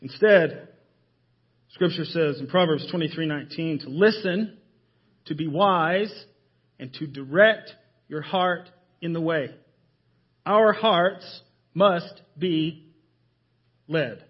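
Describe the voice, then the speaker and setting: A man preaching a sermon in a church, emphatic and full of rhetorical questions, often dropping his voice low to stress a point. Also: slow pace, pauses often, husky, highs cut off. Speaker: pastor. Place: church sanctuary.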